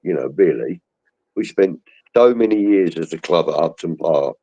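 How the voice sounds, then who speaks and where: This podcast co-host has a low, mellow, slightly rough voice, expressive and at a moderate pace. Chatting casually on a video call, he rambles through football stories and imitates the voices of people he quotes, all through dull lo-fi stream audio.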